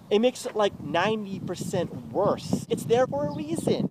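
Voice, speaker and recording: A man's voice: high-pitched, sing-song, normal speed, few pauses. A young man in a bitter, agitated confessional rant, swearing heavily. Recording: noisy recording.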